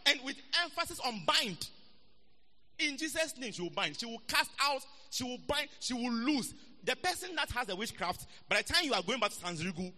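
A man's voice: sits high, bright, forceful tone, big-room sound. A man preaching a sermon, playful and teasing, repeating words for emphasis. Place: church hall.

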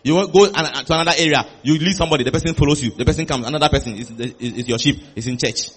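A male preacher with a high, husky voice delivers an animated sermon. He repeats phrases for emphasis and slips into playful acted-out conversations with the congregation. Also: very fast. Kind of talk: lively sermon with acted dialogue.

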